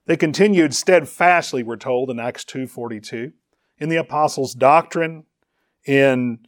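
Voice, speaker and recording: A man's voice: medium pitch, a little slow, no echo, clean studio sound. A man preaching a sermon, reading scripture aloud and explaining its words. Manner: reads scripture aloud and explains Greek words, rising in emphasis on questions.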